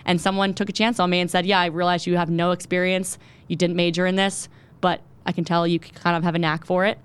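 A young woman in her twenties, a TV news reporter, telling her story quickly and animatedly as an interview guest. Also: fairly low pitch, flat delivery, smooth. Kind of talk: conversational interview.

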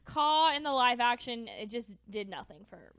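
A woman co-hosting a podcast in casual chat, animated and acting out scenes in little voices. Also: fairly high pitch, normal speed, no echo. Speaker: podcast co-host.

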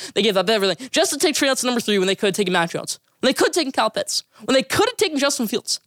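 An emphatic sports podcast host rattles off opinions and bold predictions at a breakneck clip. The voice sits in a middle pitch range. It sounds dry and close, with almost no room around it. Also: very animated, fast, a bit bright, no room sound. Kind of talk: opinionated sports talk segments.

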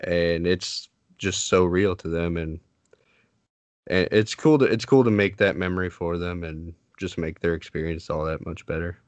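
A man's voice: sits low, steady tone, moderate pace, dry recording. A man hosting a podcast, asking questions in an easygoing way and laughing along. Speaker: podcast host. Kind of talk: casual interview chat.

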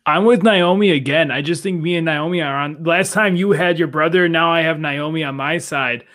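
Slightly high-voiced rambling co-host. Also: male voice, moderate pace, fairly bright tone. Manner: rambling, filler-heavy. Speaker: podcast co-host. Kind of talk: casual panel chat.

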